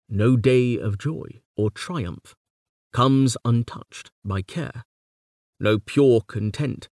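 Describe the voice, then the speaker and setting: Man reading a text with lively pitch. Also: dry recording, clean studio sound. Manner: measured, precise reading. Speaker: audiobook narrator. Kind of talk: scripted narration of a nonfiction text on poetry.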